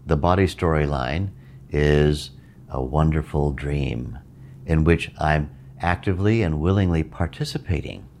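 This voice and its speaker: A middle-aged man, a meditation teacher, giving a reflective spoken talk in a measured way, repeating phrases for emphasis. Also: rumbling low, a little mellow, slight background noise.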